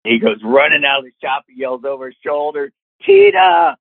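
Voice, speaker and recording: A man telling a long casual anecdote, lively and acting out the voices of the people in it. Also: medium pitch, quick pace, no echo. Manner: animated, acts out quoted voices. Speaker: storyteller guest. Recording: tinny phone-like sound.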